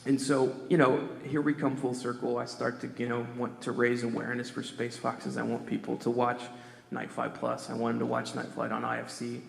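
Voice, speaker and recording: Middle-aged man, gravelly voice, animated casual panel storyteller, echoey convention hall sound. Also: mid-range voice, moderate pace. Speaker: panel speaker.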